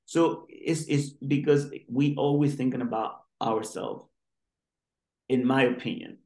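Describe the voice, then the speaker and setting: A man's voice: mid-range voice, steady tone, unhurried, warm tone. A male doctor being interviewed, who talks in an earnest, rambling way with many restarts. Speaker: guest doctor. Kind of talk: interview conversation. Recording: roomy echo.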